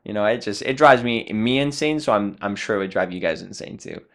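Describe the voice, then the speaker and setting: A man's voice: fairly low pitch, a little fast. A man co-hosting a casual podcast, talking in a joking, rambling, self-deprecating way. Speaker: podcast co-host. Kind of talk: casual chat.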